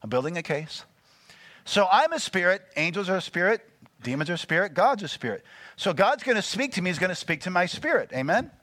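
A man preaching a sermon, animated and full of call-and-response questions to the congregation. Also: high voice, fairly quick, no room sound. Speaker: pastor.

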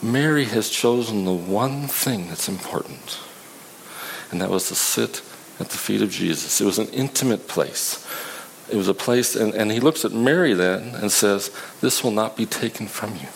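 Guy preaching a sermon, kinda low voice, chatty and stop-start, faint hiss behind. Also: lively intonation, gravelly, poor audio. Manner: conversational, halting with restarts.

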